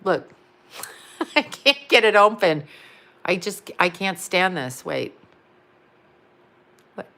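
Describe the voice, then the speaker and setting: A woman's voice: fairly low pitch, lively intonation, takes it slowly, vocal fry, long pauses, pushed and bright. A woman chatting casually on a live stream, rambling and blunt, laughing often and swearing freely. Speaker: psychic and astrologer answering live chat.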